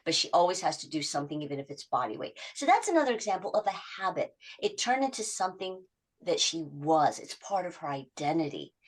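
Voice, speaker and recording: This middle-aged habit coach talks briskly in a deep voice on a podcast interview. She tells stories about her clients, voicing their quotes with lively shifts.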